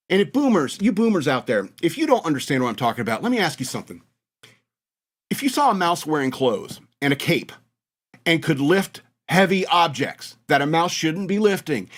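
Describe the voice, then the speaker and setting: An American man hosting a radio show, talking in a rambling, mocking monologue and laughing at his own jokes. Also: a little high. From United States. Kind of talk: casual comedic monologue.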